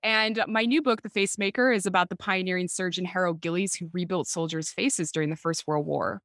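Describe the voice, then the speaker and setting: A woman's voice: lowish voice, steady tone, brisk, a bit bright, dry recording, studio quality. A woman in her forties with a Chicago accent, a medical historian chatting as a podcast guest with wry, laughing asides. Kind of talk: podcast interview.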